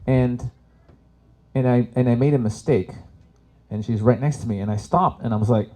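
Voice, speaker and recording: A man's voice: mid-range voice, normal speed, long pauses, dark tone. A man in his forties from Canada doing chatty stand-up comedy as a workshop host. He swears freely and laughs at his own jokes. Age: 40s. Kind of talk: live stand-up comedy talk.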